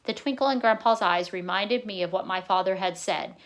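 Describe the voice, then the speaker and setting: A woman's voice: medium pitch, a little fast. Woman reading a novel aloud. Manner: plain steady reading, with slips and self-corrections. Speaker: narrator.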